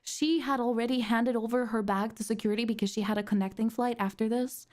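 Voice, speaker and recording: Giggly high-voiced young woman streamer. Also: fairly even intonation, fast, darkish tone. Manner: giggly, laughs often while telling stories. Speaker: streamer host. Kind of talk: casual chat.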